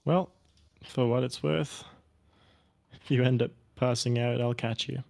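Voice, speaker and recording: A man's voice: medium pitch, level tone, unhurried, creaky, darkish tone, dry recording. A man playing a tabletop game, speaking in a reassuring, easygoing way. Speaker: player. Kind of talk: casual tabletop game chat.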